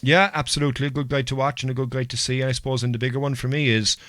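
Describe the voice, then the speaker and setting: A man hosts a podcast at a mid pitch, chatting loosely with lots of fillers. His voice sounds dry and close, with no room echo. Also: fairly even intonation, very fast, fairly bright tone. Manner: rambling, filler-heavy, chatty. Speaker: podcast host. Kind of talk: casual chat.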